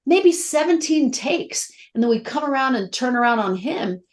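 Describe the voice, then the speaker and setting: Middle-aged woman, interview guest, candid and emotional, animated storyteller. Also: high voice, moderate pace. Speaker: actress guest. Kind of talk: casual interview chat.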